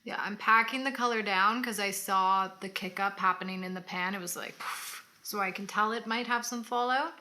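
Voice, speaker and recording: A woman's voice: medium pitch, steady tone, moderate pace, few pauses, pushed and bright. A woman co-hosting a casual makeup tutorial, playful and giving tips as she goes. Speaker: co-host of a makeup channel.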